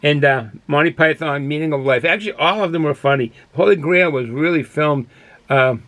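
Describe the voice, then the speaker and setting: An older man with a Boston accent reviews beers from the cool home den he calls his man cave, his voice fairly high, quick, and a bit bright, with no echo. His casual monologue is rambling and folksy, full of fillers and restarts.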